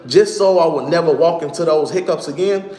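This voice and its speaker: A man's voice: on the high side, brisk, mellow, soft background music. A man explaining things to his viewers in a casual monologue. He talks conversationally, repeats his points and speaks to the audience directly. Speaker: online commentator. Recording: echoey room.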